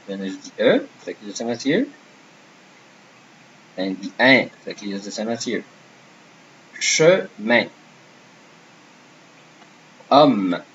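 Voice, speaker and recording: A man's voice: fairly low pitch, dull audio, slight background noise. A man teaching a beginner French lesson, patiently repeating and modeling each word.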